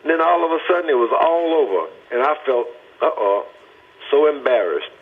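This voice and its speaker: An older man from Texas, telling his personal testimony as a guest in an earnest, deliberate, emphatic way over a phone line. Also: medium pitch, expressive, breathy edge.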